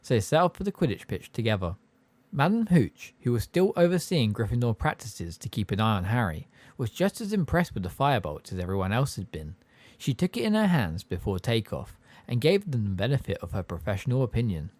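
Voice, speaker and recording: A man narrating an audiobook in an expressive storybook style. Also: medium pitch, brisk, dry recording. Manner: expressive, varied delivery. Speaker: audiobook reader.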